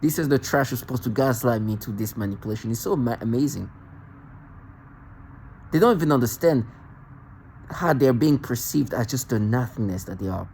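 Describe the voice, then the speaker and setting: A man rants alone in an agitated monologue, tripping over words and restarting sentences. His voice sits in a middle pitch. A faint noise runs underneath. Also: expressive, normal speed, vocal fry, pauses often, a little mellow, rough recording. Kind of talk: self-recorded monologue rant.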